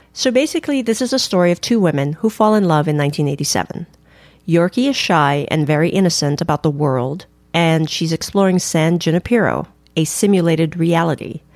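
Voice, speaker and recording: A woman's voice: lowish voice, a little mellow, no echo. A woman co-hosting a casual chat with her wife, goofy and giggly, in a punchy mood. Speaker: podcast co-host.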